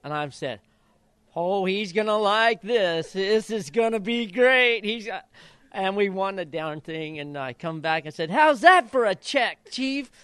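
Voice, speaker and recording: An older man from Idaho, a retired jockey, telling stories in an interview and acting out quotes in high voices. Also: clean tone, dry recording. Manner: animated storyteller, acts out quotes in high voices. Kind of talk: storytelling interview.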